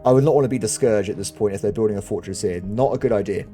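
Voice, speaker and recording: A man giving excitable game commentary, talking to himself and his viewers as he plays. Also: fairly low pitch, very fast, faint music behind. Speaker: gaming channel host.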